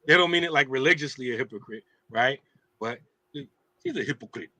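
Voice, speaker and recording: A man hosting a casual talk show, telling teasing stories in an animated way. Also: mid-range voice, fairly quick, no room sound. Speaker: show host.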